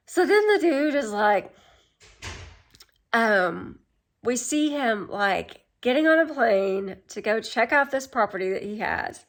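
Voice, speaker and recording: A woman casually retelling a film's plot, with many fillers and quick acted-out character quotes. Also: medium pitch. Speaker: movie reviewer.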